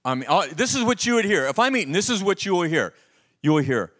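A middle-aged pastor delivers a sermon quickly in a high-pitched voice. He tells his stories with energy and throws questions out to his audience.

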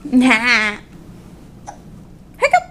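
A woman's voice: fairly high pitch, wildly swooping pitch, very slow, sharp tone, a little hiss or hum. A woman filming her toddler at dinner with a handheld camera, coaxing him in playful, sing-song baby talk.

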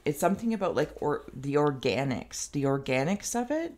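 A woman's voice: low-pitched, big pitch swings, moderate pace, a little mellow. A woman giving an intuitive tarot reading straight to the viewer, rambling and meandering as she works through the cards. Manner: speaks directly to the viewer. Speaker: tarot reader.

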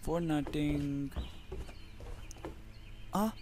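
A man from Lebanon hosting his own channel, giving excitable, profanity-heavy commentary on a survival game and talking trash at the enemies. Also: a little high, drawn-out words, a little hiss or hum. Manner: excitable, swears constantly, talks to the enemies. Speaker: gaming channel host.

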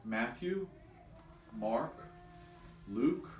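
A man's voice: medium pitch, animated, very slow. Man, patient class teacher, quizzes students, roomy echo, distant mic, faint background hiss. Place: church classroom. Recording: echoey room from far off.

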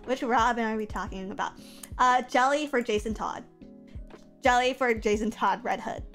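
A young woman with a high, bright-sounding voice chats casually through a livestream, reacting to viewer comments with animated, foul-mouthed, self-deprecating humor. Soft music plays faintly behind her. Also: moderate pace. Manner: animated, profane, self-mocking.

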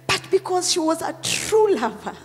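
A Kenyan woman pastor preaching a Sunday sermon, tearful and emotional, swinging between loud calls and whispered prayers. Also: extremely high pitch, very animated, normal speed. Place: church hall. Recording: long hall reverb with faint music.

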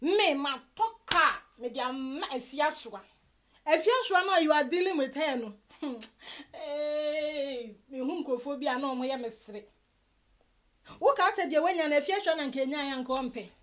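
Ghanaian woman, high voice, animated commentary, loud exclamations. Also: normal speed. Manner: exclaiming, mixing Twi and English. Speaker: gossip commentator.

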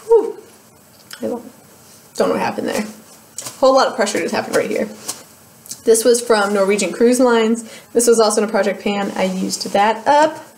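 A young woman talks through her used-up beauty products in a relaxed, chatty vlog. She pokes fun at herself and laughs often between remarks. Her voice sits in an ordinary middle pitch. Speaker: beauty vlogger. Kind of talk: casual product review vlog.

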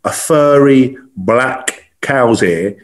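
A man's voice: mid-range voice, very slow. A man chatting as a podcast guest over a video call, rambling with lots of fillers. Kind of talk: casual chat.

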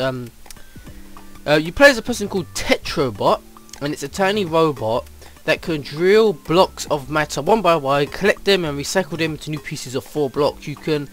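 A man's voice: on the high side, fairly bright tone. A man giving casual let's play commentary at his computer, rambling and flustered, with lots of ums. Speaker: gamer.

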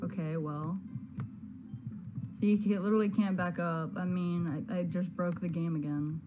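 A woman's voice: fairly low pitch, steady tone, moderate pace, over music. Flustered woman narrating her gameplay. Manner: flustered, exclaiming, stammering. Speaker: gaming video host. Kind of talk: casual let's-play commentary.

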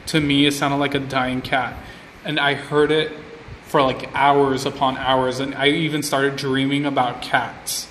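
A man's voice: medium pitch, little pitch movement, measured pace, fairly bright tone, slight background noise. A man chatting casually to viewers on a phone live stream, rambling and repeating himself with lots of filler likes. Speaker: vlogger on an Instagram live stream. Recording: roomy phone audio with a long reverb tail.

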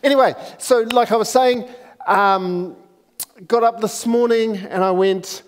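A man opens a church service, chatting and joking about himself. His voice sits high. He speaks into a clip-on microphone. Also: measured pace, in a large hall. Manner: chatty, joking, self-deprecating. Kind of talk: casual sermon introduction.

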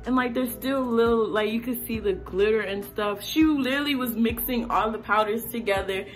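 A woman vlogger in a casual rant, animated and exasperated, talking with lots of slang. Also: on the high side, moderate pace, soft background music.

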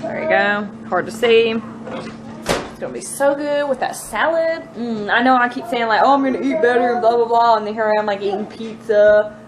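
A woman's voice: fairly high pitch, moderate pace, a crowd in the background. A woman in her thirties with a Southern US accent, chatting playfully and giggling while filming a casual vlog in her home kitchen. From Mississippi. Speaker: vlogger, mother.

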